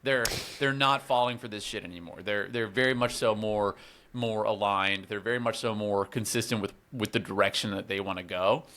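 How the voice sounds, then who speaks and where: A man's voice: on the low side, fairly even intonation, fairly quick, bright, forceful tone. A man co-hosting a podcast, talking bluntly and casually about a reality show, often repeating words. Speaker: podcast co-host. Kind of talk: casual recap chat.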